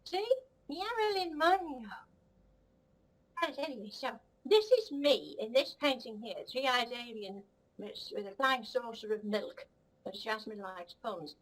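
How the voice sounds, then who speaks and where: Measured and fairly high-pitched, a woman voices a conceited, cheeky she-cat in a comedic puppet-style bit, cocky, rude, giggly and rambling about how wonderful she is. The recording is rough.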